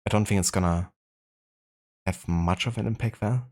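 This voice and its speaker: A German-accented man hosting a live game stream, his voice sitting very low and deep. He talks in a relaxed, easygoing way, greeting viewers and thinking aloud with plenty of small fillers. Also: normal speed. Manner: laid-back, chatty, greets viewers, frequent fillers. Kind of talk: casual live-stream chat.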